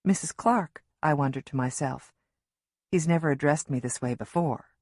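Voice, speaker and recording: A woman narrating an audiobook in the first person as a worried mother, measured and emotionally engaged. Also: a bass voice, darkish tone, dry recording, clean studio sound.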